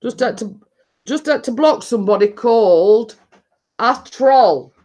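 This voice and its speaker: A woman's voice: fairly high pitch, expressive, unhurried, a little mellow. A woman with a northern English accent chatting casually on a live stream, rambling and laughing often.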